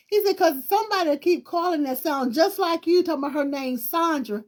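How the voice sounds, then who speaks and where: A high-voiced woman host, telling her own story in a casual, lively way. She has a distinctive voice and keeps repeating herself and acting out what people said. Her talk wanders and loops back. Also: a little fast, few pauses. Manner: animated, repetitive retelling with quoted dialogue and laughter.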